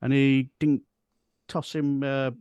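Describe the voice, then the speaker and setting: Bradford man, mid-pitched, dry close mic, rambling casual talk. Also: flat delivery, slow, darkish tone, clear, resonant tone, no room sound, highs cut off. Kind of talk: casual political chat.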